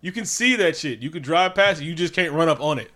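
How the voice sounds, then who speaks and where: A man's voice: fairly high pitch, lively intonation, quick pace, pushed and bright. A man co-hosting a casual movie review chat, profane and joking, acting out scenes in silly voices. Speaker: podcast co-host.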